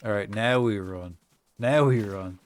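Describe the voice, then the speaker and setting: A man's voice: fairly low pitch, measured pace, slight background noise. An Irish man chatting casually on a live gaming stream, swearing often and telling stories with mock-acted reactions. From Ireland. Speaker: game streamer.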